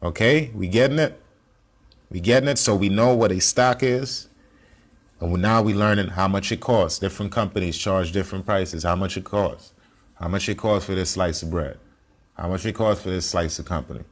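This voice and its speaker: Speaking at a moderate pace in a deep voice, this self-taught investing instructor guides viewers through his screen share. He's casual and blunt, full of slang and cursing, and keeps hammering the same points.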